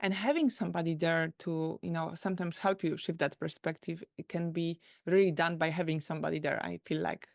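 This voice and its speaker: Gravelly-voiced woman host with a Polish accent. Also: low voice, steady tone, dry recording, clean studio sound. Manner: halting, searching for words, warm enthusiasm. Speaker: interview host. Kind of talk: conversational interview.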